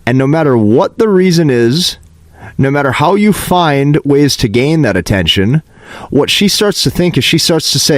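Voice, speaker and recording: A man's voice: medium pitch, lively intonation, moderate pace, no echo. A man giving a motivational dating-advice monologue, emphatic and repetitive, lecturing the listener.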